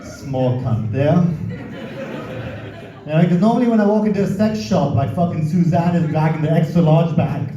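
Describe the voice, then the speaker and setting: Swearing stand-up comic in a roomy club. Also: male voice, fairly high pitch, normal speed, warm tone. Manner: crude, swearing, conversational crowd work. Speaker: stand-up comedian. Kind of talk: stand-up comedy set. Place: comedy club stage. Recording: roomy, distant, dull club recording.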